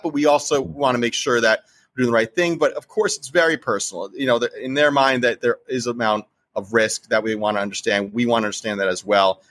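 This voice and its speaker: A man with a medium-pitched, fairly bright voice and a New Jersey accent appears as a real estate investor in a relaxed interview. He discusses investing with animation and strong emphasis.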